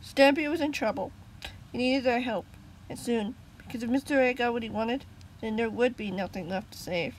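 A woman's voice: a little high, moderate pace, slight background noise, low-quality recording. A woman reading her own story aloud, casual, with small slips and restarts.

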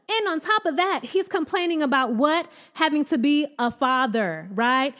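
A woman giving a sassy, exasperated recap of a reality show, her voice swinging up and down in pitch. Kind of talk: casual commentary.

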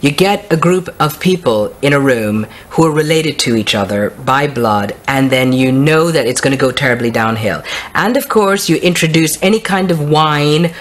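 A woman's voice: deep voice, expressive, moderate pace. A middle-aged woman in an interview, talking in a dry, disdainful way. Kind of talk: casual chat.

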